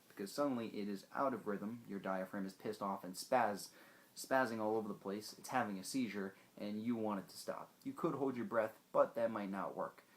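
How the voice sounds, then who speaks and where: A young man hosting a casual science explainer video, joking and animated as he talks straight to the viewer. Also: on the low side.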